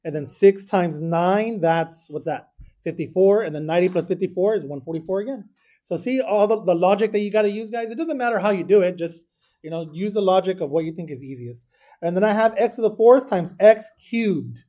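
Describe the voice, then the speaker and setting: A man's voice: sits high, brisk, dark tone. A man teaching a math class, talking through arithmetic step by step and checking in with students. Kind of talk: classroom lesson.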